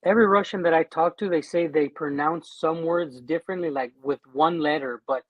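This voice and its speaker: Mexican American man, slightly higher voice, earnest, halting, restarts, dry sound. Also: no room sound, dull audio. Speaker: guest, war veteran living in Siberia. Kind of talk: casual livestream chat.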